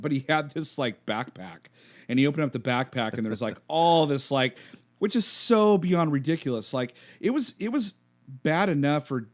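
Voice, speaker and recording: Laughing male podcast co-host. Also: mid-range voice. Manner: laughs often, retells scenes with quoted voices. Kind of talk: casual chat.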